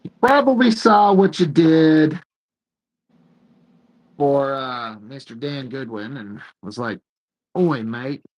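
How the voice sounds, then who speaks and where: Male co-host, husky, easygoing banter. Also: mid-range voice, slow pace, long pauses, highs cut off. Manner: relaxed, joking banter. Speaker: co-host, artist reading chat. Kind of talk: casual chat while inking.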